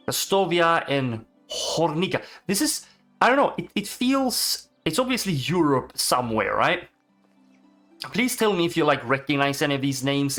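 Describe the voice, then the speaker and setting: A man giving casual, excitable commentary while playing a video game, swearing and chatting to the animals he meets. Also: mid-range voice. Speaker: gaming streamer.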